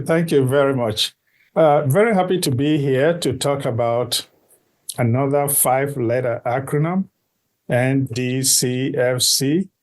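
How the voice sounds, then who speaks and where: Measured man, deliberate speech. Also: medium pitch. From Nigeria. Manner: measured and deliberate, repeats key phrases for emphasis. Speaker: guest, diaspora organization board member. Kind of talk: interview answers.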